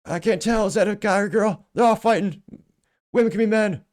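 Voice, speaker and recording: A man's voice: high-pitched, brisk, darkish tone, pitched above the performer's own voice, natural voice. A man putting on a mumbling, stammering impression of a confused elderly male politician. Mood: rambling. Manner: mumbling, stammering nonsense with "uh" fillers. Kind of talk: mock impression in commentary.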